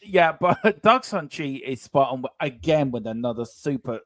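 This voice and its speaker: A man on a fan panel talking football in a casual, animated way, stressing his points and repeating phrases. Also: mid-range voice, moderate pace, no room sound.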